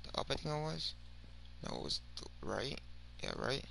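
A young man talks his way through a game in loose slang, drifting from low mumbles to sudden loud outbursts. His voice is gravelly and very bright, with wildly lively pitch. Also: normal speed, slight background noise. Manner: slangy, rambling, swings from mumbling to shouting. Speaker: gaming video creator. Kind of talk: casual gameplay commentary.

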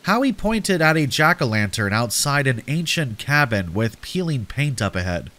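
A man narrating a scripted horror story in a slow, dramatic storytelling manner. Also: medium pitch, sing-song, bright, forceful tone.

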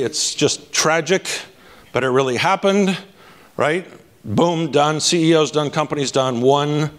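A man speaking from a conference stage, energetic, casual and blunt, often asking the audience "right?". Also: fairly high pitch. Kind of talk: live keynote talk.

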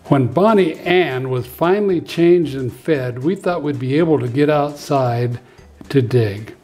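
A man and preschool teacher reading a children's story aloud in an expressive, lively way, with faint music behind. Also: medium pitch, a little slow.

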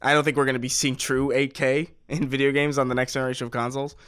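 A man's voice: medium pitch, flat delivery, fast, a bit bright, clear, resonant tone. A man in his thirties co-hosting a podcast, casual and swearing freely, often restarting his sentences. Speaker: podcast co-host.

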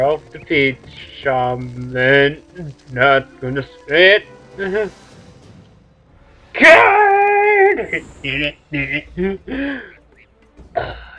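Let's play host, man, slow joking asides, lo-fi mic with faint music. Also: medium pitch, fairly even intonation. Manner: joking, crude, laid-back asides. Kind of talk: gameplay commentary. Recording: dull lo-fi mic with game music.

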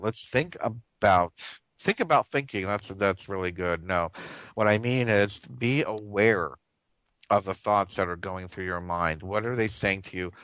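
An earnest male radio host talks in a rambling monologue, restarting his sentences and chuckling as he goes. His voice sits a little low. The sound is dry and close, with no room echo. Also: fairly bright tone. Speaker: radio talk show host.

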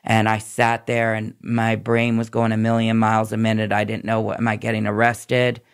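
A man's voice: fairly low pitch, completely flat delivery, normal speed, clean tone. A man recounting his past in a candid, tumbling way as a podcast guest. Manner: candid, tumbling run-on storytelling. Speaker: podcast guest, former nurse. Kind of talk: personal recovery story in a podcast interview.

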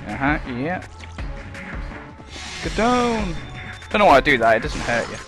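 A sarcastic man commentating on a video game in a fairly high voice that swings up and down a lot. He swears often and breaks into squeaky mocking voices, with faint game music underneath. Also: very animated, a little slow. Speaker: gameplay commentator. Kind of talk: casual let's play commentary.

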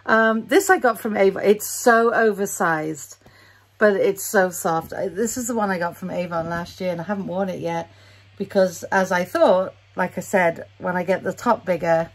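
A woman's voice: lowish voice, normal speed. A woman with a British accent, chatting casually at home in her vlog, rambling and often laughing at herself. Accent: British English. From Britain. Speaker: vlogger. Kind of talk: casual day-in-the-life vlog.

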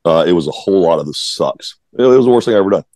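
Very deep-voiced blunt Georgia-born man. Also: lively intonation, very fast, dark tone, no room sound. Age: 40s. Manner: blunt, profane, repeats words when restarting. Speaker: guest, former baseball player. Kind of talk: casual interview storytelling.

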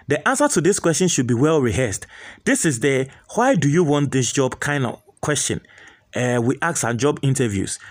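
A young man with a Ghanaian accent, reading out viewer comments in animated casual commentary and slipping into local pidgin. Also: a little high.

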